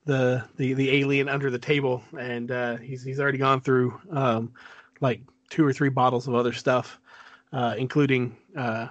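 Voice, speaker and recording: A male podcast co-host at a middle pitch tells stories in a halting, stop-and-start way. He leans on filler words and restarts his sentences. The recording is dry and close. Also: little pitch movement, dry recording, muffled recording. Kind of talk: casual chat.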